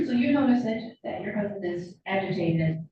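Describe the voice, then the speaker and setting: A woman lawyer questioning a witness in court, measured and steady, saying "okay" between questions. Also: medium pitch. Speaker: prosecutor. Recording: echoey distant courtroom audio, lo-fi, noisy.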